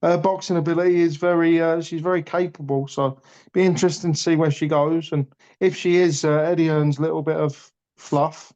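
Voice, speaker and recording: A man's voice: fairly high pitch, steady tone, a little fast, mellow. Blunt, passionate man, lo-fi sound. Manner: blunt, passionate, swears freely. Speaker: boxing pundit. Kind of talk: casual podcast chat. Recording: dull lo-fi audio.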